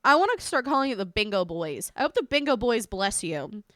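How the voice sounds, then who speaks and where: A woman's voice: mid-range voice, very animated, a little fast, fairly bright tone, dry recording, studio quality. A woman live streamer chatting casually with her viewers, scattered and talkative, thanking them often and swearing mildly.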